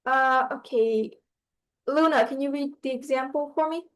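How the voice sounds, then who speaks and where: A woman's voice: sits high, normal speed, rough recording. A woman teaching a class, hesitant, with many fillers and restarts. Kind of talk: online class lesson.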